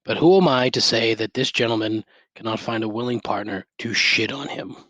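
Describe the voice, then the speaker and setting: A man's voice: on the low side, a little fast, fairly bright tone, no echo. A middle-aged man hosting a solo podcast, ranting sarcastically and swearing constantly, wired on caffeine, talking into a headset mic at home. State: over-caffeinated. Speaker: podcast host. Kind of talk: profane solo rant. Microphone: gaming headset.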